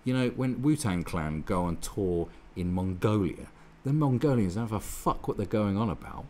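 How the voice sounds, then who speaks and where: A man's voice: fairly low pitch, animated, moderate pace, darkish tone, a little hiss or hum. A man giving heated, sarcastic commentary on a newspaper column, swearing often as he rants. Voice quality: profane, sarcastic, heated ranting. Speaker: online commentator.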